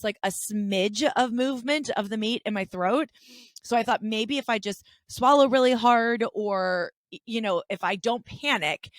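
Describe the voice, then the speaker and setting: A woman's voice: mid-range voice, no room sound. Woman podcast cohost rambling thru a story, lots of restarts, mid voice, dry sound. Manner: animated, chatty, many restarts. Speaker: podcast co-host. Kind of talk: casual storytelling chat.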